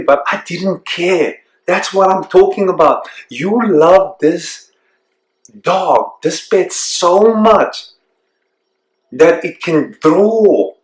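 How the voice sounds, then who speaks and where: A man hosting a self-discovery program, speaking earnestly and reflectively and slowing down to stress key points. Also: fairly high pitch. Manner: earnest, reflective, slows down for emphasis. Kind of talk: motivational talk to camera. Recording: echoey room.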